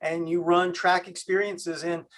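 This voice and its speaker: A man from Canada hosting a video call, talking in a halting way with many fillers. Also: high voice, level tone, fairly bright tone. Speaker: host.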